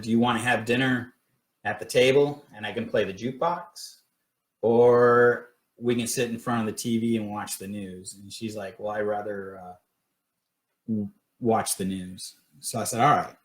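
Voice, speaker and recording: A man recounts a personal story on a casual livestream. His voice sits at a middle pitch, and he rambles with plenty of fillers and restarts. The room around him gives his voice a noticeable echo. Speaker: paranormal research group director.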